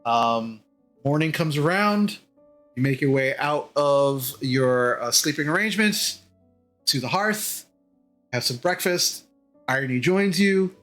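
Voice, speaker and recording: A man narrating a tabletop game as game master. He talks in a slightly high voice, hesitant and filled with ums and restarts. Faint music plays underneath. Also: animated, slow, fairly bright tone.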